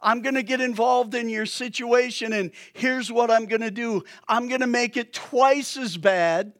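God figure in a sermon retelling, matter-of-fact and calm, voiced by a man with a high-set voice. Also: normal speed. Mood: breezy. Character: God speaking calmly to a troubled prophet.

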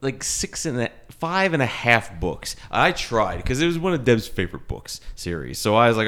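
A man's voice: medium pitch, sing-song, moderate pace, hardly any pauses, a bit bright. A man in casual chat with a wry, self-deprecating manner.

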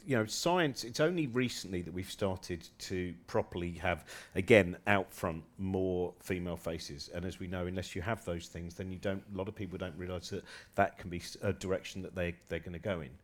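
A man's voice: sits low, brisk, hardly any pauses. A man co-hosting a podcast, asking long, winding questions. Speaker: co-host. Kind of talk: casual podcast chat.

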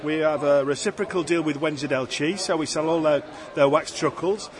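A man in his fifties talks easily about his stall and his singing, quick to make fun of himself. His voice sits a little high. Crowd noise hums around him outdoors. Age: 50s. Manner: chatty, self-deprecating. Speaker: stallholder and amateur singer. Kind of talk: casual interview chat.

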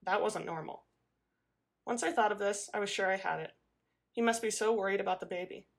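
A woman narrating a first-person novel in an expressive reading voice. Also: mid-range voice, a little fast, vocal fry. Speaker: audiobook narrator.

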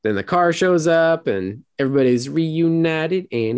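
A man co-hosting a podcast, recapping an episode in a rambling casual way and acting out quoted lines in high voices. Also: lively intonation, unhurried, darkish tone, clear, resonant tone, dry recording. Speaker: podcast co-host.

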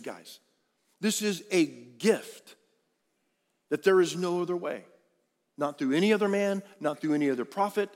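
Preaching man in an echoing hall. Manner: emphatic preaching, swinging from loud peaks to hushed low lines. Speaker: pastor. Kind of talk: sermon. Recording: long hall reverb.

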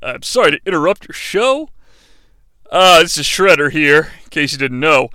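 A man doing an indignant gruff wrestler. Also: on the high side, animated, moderate pace, sharp tone, dry recording, studio quality, pitched below the performer's own voice. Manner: interrupting, indignant then grumbling. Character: gruff male wrestler calling in to complain.

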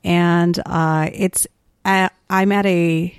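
A woman of twenty-five, a first-year teacher and podcast guest, telling stories in a lively, animated way. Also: on the low side, slow pace, smooth, no echo, clean studio sound. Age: 20s. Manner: animated storyteller with lively asides. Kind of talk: casual podcast chat.

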